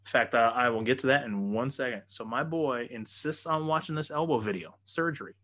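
A man spinning a story in loose podcast banter. He swears freely and keeps the energy up, jumping in and out of quoted voices. His pitch sits in the middle. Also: brisk. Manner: profane, animated storyteller. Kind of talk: casual chat, storytelling.

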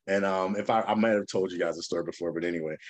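A man co-hosting a casual podcast chat, telling a story with lively acted-out quotes. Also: sits low, rapid-fire. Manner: animated storyteller, acts out quotes in a raised voice. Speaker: podcast co-host.

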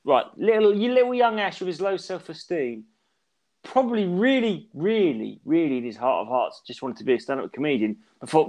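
A man chats on a podcast, prodding his co-host with blunt, teasing questions. His voice swings up and down with a lively pitch. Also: brisk. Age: 40s. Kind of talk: casual chat.

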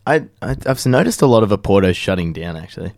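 A man's voice: deep voice, sing-song, gravelly, darkish tone, no room sound, studio quality. A young man co-hosting a casual podcast who teases his friend, laughs, and breaks in with questions. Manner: teasing, quick to laugh and interrupt. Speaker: podcast co-host. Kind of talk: casual chat.

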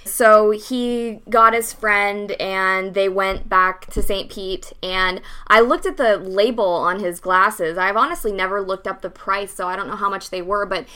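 A young woman talks through a personal story in a casual interview, blunt and unfiltered. Her voice is bright and forward, and she swears freely and speaks without hedging. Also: medium pitch, steady tone, a little slow, hardly any pauses, clean tone. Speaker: interview guest.

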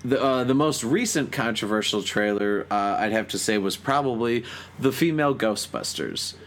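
Lively podcast host man, chatty. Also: lowish voice, moderate pace, slight background noise. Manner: chatty, laughing, filler-heavy. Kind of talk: casual podcast chat.

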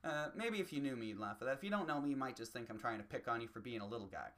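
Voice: mid-range voice, animated, very fast, fairly bright tone. Profane, rambling solo comedian. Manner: profane, rambling, self-mocking.

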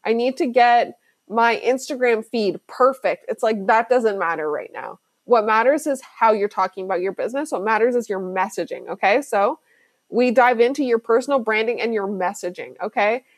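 A chatty woman hosting her own podcast, talking business coaching in a loose, slangy way with lots of "like." Her voice sits a little high, and the sound is close and dry with no room around it. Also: animated, a little fast, no room sound. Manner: chatty, fillers like "like", slangy and emphatic. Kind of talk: casual solo podcast talk.

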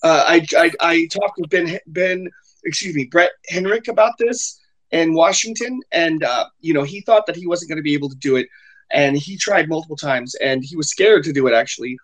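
A man hosting an online group call, talking casually in halting bursts with many repeated words, his voice worn after illness. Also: a little high, fairly bright tone, low-quality recording. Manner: halting, repeats words, offers help eagerly. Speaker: host. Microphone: computer mic on an online call.

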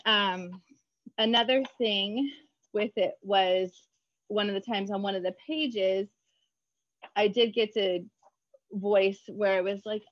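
A woman children's book author chatting in an interview, bubbly and quick to laugh. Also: medium pitch, dry recording, highs cut off. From United States. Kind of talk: casual interview chat.

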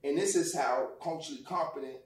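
A man tells a personal story in casual, profane talk and acts out the people in it. His voice sits a bit high for a man. He is heard from off the mic, and the room echoes around him. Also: quick pace, far from the mic. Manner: animated, profane, acts out quotes loudly. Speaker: guest.

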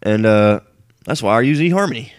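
A man imitating a polished, well-spoken man from a dating ad, in a smooth and proper way. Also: mid-range voice, lively intonation, brisk, natural voice. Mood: earnest.

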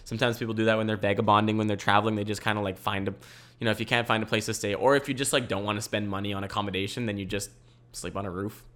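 A man's voice: fairly low pitch, flat delivery, very fast, a bit bright. A young man hosting a casual solo podcast from home, rambling with restarts and swearing. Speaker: podcast host. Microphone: camera mic.

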